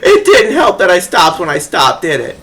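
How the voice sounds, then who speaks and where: Bright, animated game streamer. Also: medium pitch, normal speed, a little hiss or hum. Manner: rambling, giggly, self-deprecating. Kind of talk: casual live-stream chat while gaming.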